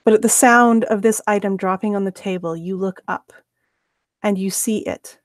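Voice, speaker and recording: A woman running a tabletop game as game master, narrating scenes in a measured, descriptive way. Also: medium pitch, steady tone, no echo, clean studio sound.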